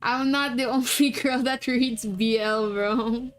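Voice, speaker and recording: A woman's voice: fairly high pitch, fairly even intonation, takes it slowly. A young woman from the Philippines streaming live, chatting casually and laughing often while setting up a game. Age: young adult. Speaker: VTuber streamer.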